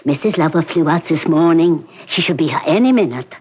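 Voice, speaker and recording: An actor playing a formal, cautious hospital doctor who speaks in a measured, precise way, in 1970s radio drama acting. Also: male voice, on the high side, lively intonation, darkish tone, slightly rough. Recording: dull old radio recording, faint hiss.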